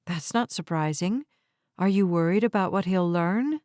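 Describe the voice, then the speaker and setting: A woman narrator voicing a young woman with a deadpan, teasing way of talking. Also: fairly low pitch, normal speed, no room sound, clean studio sound, natural voice. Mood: wry.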